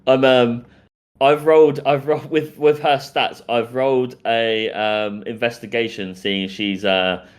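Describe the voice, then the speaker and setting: A man's voice: mid-range voice, fairly even intonation. A man narrating as dungeon master in a playful, rambling way. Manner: rambling, playful, quick asides. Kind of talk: narrating a tabletop game.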